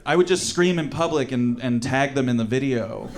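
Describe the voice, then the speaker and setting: A man doing a stand-up comedy set, telling a story in an animated way and acting out the people in it. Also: medium pitch, normal speed, crowd noise. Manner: animated storytelling with acted-out quotes. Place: comedy show with live audience.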